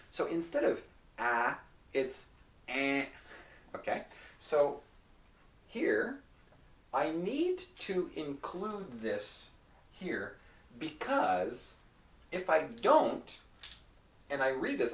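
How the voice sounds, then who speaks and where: A man gives a slow, patient pronunciation lesson, his pitch rising and falling expressively as he repeats sounds and checks in with the class. He sounds a little away from the mic in an echoey room. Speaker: English pronunciation teacher. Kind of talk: slow, explanatory whiteboard lesson. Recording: roomy echo, slightly distant mic.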